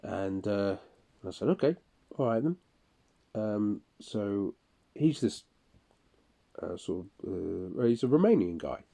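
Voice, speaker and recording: A man talking through a personal audio-diary monologue in halting, broken phrases full of restarts. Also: lowish voice, expressive, vocal fry, warm tone. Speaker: audio diarist. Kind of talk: personal monologue recalling incidents.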